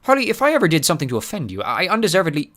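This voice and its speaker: A man's voice: on the high side, wildly swooping pitch, rapid-fire, fairly bright tone, pitched above the performer's own voice. Mulch, a man voicing a sly dwarf thief. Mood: anxious. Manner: sly, playful mock-innocence. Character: cheeky scheming male dwarf thief.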